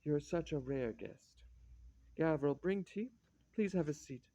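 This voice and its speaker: A man's voice: on the high side, unhurried, dark tone. A man reading a fussy, stingy hostess. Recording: dull lo-fi dry recording.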